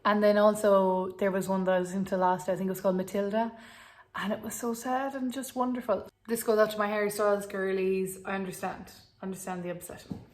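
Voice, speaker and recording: A woman's voice: mid-range voice, steady tone, a little fast. A young woman with an Irish accent, chatting to camera in a rambling, self-mocking way. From Ireland. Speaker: vlogger. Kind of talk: casual chat to camera.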